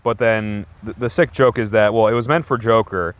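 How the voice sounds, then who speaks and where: A man's voice: fairly low pitch, normal speed, smooth. A man casually reviewing a comic book, rambling and enthusiastic with many restarts.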